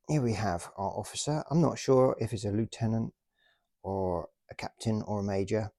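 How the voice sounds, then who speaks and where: A man's voice: fairly low pitch, moderate pace, dark tone, no echo, clean studio sound. A man hosting a casual show-and-tell about his toy collection, chatty and self-deprecating.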